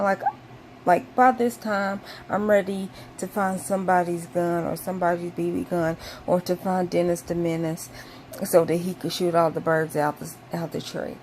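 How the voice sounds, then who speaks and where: A woman's voice: fairly low pitch, level tone, normal speed, darkish tone, a little hiss or hum. A woman vlogger casually telling a personal story to camera, with lots of "um" and "like" and bursts of exaggerated indignation.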